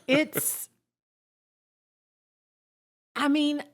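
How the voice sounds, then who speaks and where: A woman's voice: sits high, flat delivery, drawn-out words. A woman with a Kentucky Southern accent, co-hosting a podcast in casual, rambling, self-deprecating chat. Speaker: podcast co-host.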